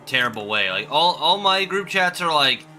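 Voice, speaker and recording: A man's voice: on the high side, very animated, normal speed, sharp tone. A young adult man streaming a game with casual commentary, loose, joking and profane. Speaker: gaming streamer.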